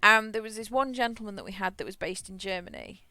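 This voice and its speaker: A woman's voice: mid-range voice, sing-song, fast talker, bright, forceful tone, no room sound. A woman streamer chatting casually while gaming, self-deprecating and laughing often, with frequent restarts. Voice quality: had a childhood stutter, frequent restarts.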